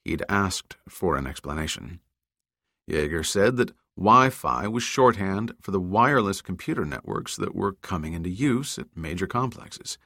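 A man narrating an audiobook in a steady, measured reading voice. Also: low voice, no room sound, clean studio sound. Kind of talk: scripted narration.

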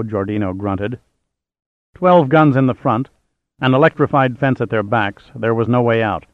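A man's voice: mid-range voice, normal speed, no echo. Man narrating a thriller over a tinny line. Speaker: audiobook narrator. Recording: tinny phone-like sound.

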